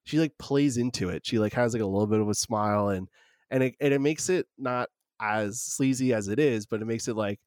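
Low-voiced man in relaxed film chat. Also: a little fast, no room sound, studio quality. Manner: relaxed, many fillers like "like". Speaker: film discussion co-host. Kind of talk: casual film discussion.

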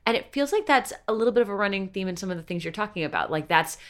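A woman's voice: mid-range voice, lively intonation, rapid-fire. A woman interviewing a guest, thoughtful, rephrasing her questions as she goes. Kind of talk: casual interview.

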